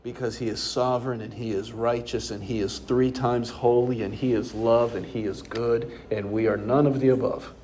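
A man's voice: medium pitch, steady tone, normal speed, few pauses, warm tone, a little hiss or hum. A man preaching a sermon as pastor, conversational and emphatic, posing rhetorical questions to his congregation.

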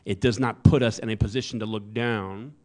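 A man's voice: on the low side, fairly even intonation, fairly quick, a little mellow. A man preaching a sermon in a conversational way, with joking asides to the congregation. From American South. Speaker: pastor.

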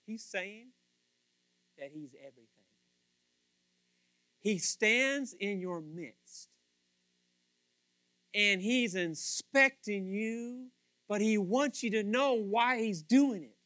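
A man preaching a sermon in a lively, playful way, acting out the people he quotes. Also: sits high, slow pace, long pauses, no echo. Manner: animated, playful, acts out quotes in voices. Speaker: pastor.

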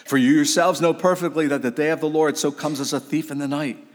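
A man's voice: fairly high pitch, steady tone, fairly quick, long reverb tail, a little hiss or hum. A man preaching a sermon, emphatic and exhorting, with casual asides to the congregation. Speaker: pastor.

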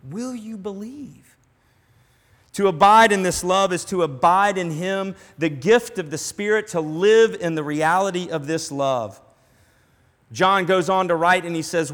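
A man preaching a sermon in earnest, dropping to a hush on some lines and rising to emphasis on others. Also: high voice, unhurried. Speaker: pastor. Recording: long hall reverb.

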